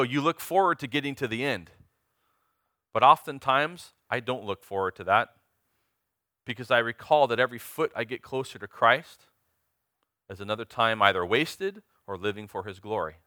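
A man's voice: mid-range voice, animated, normal speed, pushed and bright, no echo, studio quality. A man in his forties preaching a sermon, earnest and emphatic, asking the congregation direct questions. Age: 40s.

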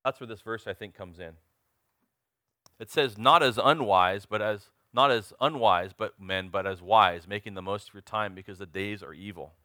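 A man's voice: lowish voice, moderate pace, bright, forceful tone, dry recording, studio quality. A man in his forties preaching a sermon, earnest and emphatic, asking the congregation direct questions. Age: 40s.

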